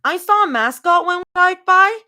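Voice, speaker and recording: A woman voicing an excited four-year-old girl, squeaky, shouty and earnest. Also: moderate pace, heavily acted. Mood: eager.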